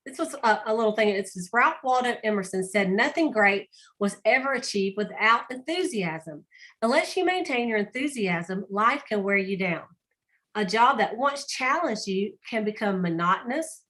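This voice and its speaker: A woman's voice: mid-range voice, sharp tone. A woman, leading an online team training over a video call in an upbeat, chatty, encouraging way. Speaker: sales director leading a team meeting.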